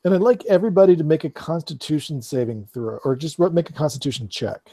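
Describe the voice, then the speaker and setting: A man narrating a tabletop game as game master over an online call, relaxed and halting as he searches for words. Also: a little high, no echo.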